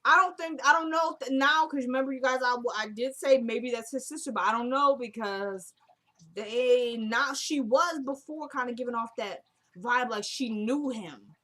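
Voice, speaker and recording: A woman's voice: fairly high pitch, moderate pace, bright, forceful tone. A woman giving a casual, rambling recap of a TV episode, stringing together retold scenes with lots of "he's like" and "she's like.". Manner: rambling, retells scenes with many "he's like" quotes.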